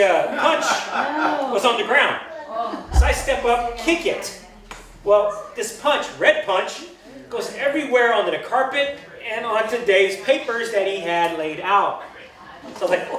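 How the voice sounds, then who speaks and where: A man telling rambling, laughing stories at a birthday roast in front of a crowd. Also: sits high. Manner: rambling, laughing through his own stories. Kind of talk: storytelling to a party crowd. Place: large hall at a birthday party. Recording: echoey hall, distant mic, crowd noise.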